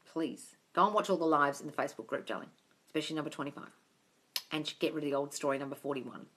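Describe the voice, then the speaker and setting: A woman's voice: low-pitched, quick pace, a bit bright. A woman hosting a casual live-stream Q&A as a manifesting coach, answering questions bluntly, swearing freely and calling listeners darling.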